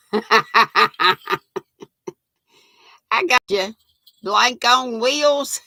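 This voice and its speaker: Her mid-range voice has a sharp tone and no room sound as she runs a live craft stream. She chats in a folksy way, laughs frequently, and greets viewers by name as honey or sweet.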